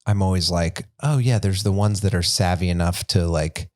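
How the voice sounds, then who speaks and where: Rambling podcast co-host, casual man, lower-pitched, dry recording. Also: normal speed, a little mellow, no echo. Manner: rambling, many likes and restarts. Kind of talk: casual chat.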